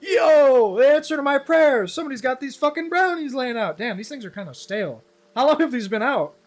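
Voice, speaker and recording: A man's voice: high voice, takes it slowly, a bit bright, heavily acted. A man voicing a stoned young man hunting for brownies, gasping and overexcited. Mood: munchie-crazed.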